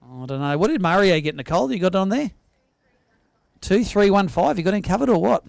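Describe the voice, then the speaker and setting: An Australian man hosting a fishing weigh-in, bantering in an energetic, teasing way. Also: high voice, vocal fry, no room sound, studio quality. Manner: energetic, teasing, quick-talking. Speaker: weigh-in host. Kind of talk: live tournament emcee banter. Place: outdoor weigh-in stage at a sailing club.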